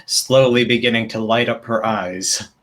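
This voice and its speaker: Slow-narrating man player. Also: mid-range voice, steady tone, a bit bright. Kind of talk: describing character actions in a tabletop game.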